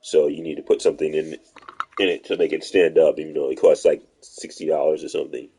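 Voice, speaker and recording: A man's voice: a bass voice, little pitch movement, quick pace, mellow, breathy edge. A man streaming a video game live, giving profane, rambling commentary as he plays.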